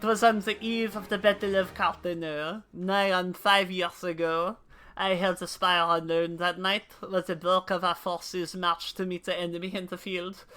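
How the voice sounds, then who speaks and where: Woman doing a gruff old soldier, German-French accent. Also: on the low side, flat delivery, normal speed, fairly bright tone, faint music behind, lightly acted. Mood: solemn. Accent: mock German-French mix. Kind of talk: voicing game dialogue while streaming.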